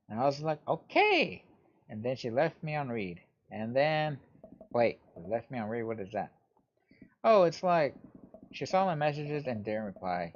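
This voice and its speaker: A man's voice: mid-range voice, darkish tone, slight background noise, natural voice. A man voicing an upset teenage girl who rambles and vents to her dad in an exasperated, gossipy way, on a dull lo-fi recording.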